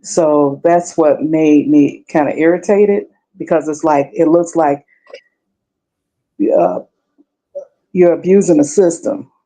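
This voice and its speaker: A woman's voice: sits low, slow, pauses often, dark tone, poor audio. A woman guest in a casual discussion, explaining her research in a conversational way.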